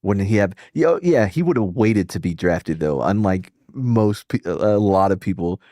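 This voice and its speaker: Dark-voiced man in rambling casual chat. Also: fairly low pitch, animated, normal speed, no room sound, clean studio sound. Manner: rambling, profane, laughs a lot, restarts. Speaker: streamer host.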